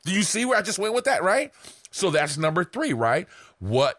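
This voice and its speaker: A man's voice: a little high, expressive, moderate pace, fairly bright tone, dry recording. A man teaching content writing in a loose, live, profanity-laden ramble, often checking in with "right?". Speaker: online marketing instructor.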